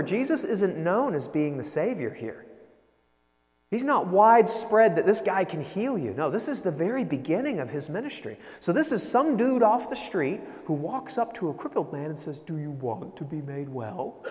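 A man preaching a sermon in a conversational, animated way, often checking in with "right?". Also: high voice, long reverb tail. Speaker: pastor.

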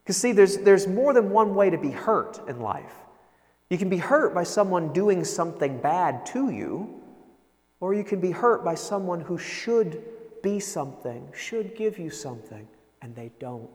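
A man preaching a sermon in a conversational, animated way, often checking in with "right?". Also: high-pitched, a little slow, long reverb tail. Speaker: pastor.

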